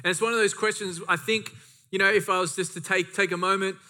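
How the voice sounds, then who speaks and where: A man's voice: high voice, fairly even intonation, fast talker, bright, forceful tone. A man preaching a sermon, reading scripture and driving points home with emphatic repetition and casual asides. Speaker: pastor.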